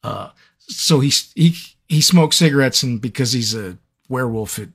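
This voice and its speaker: A man's voice: medium pitch, normal speed, vocal fry, breathy edge. A man who narrates audiobooks, chatting playfully with fans in a live Q&A stream and telling stories. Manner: animated, playful storyteller. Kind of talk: live fan Q&A chat.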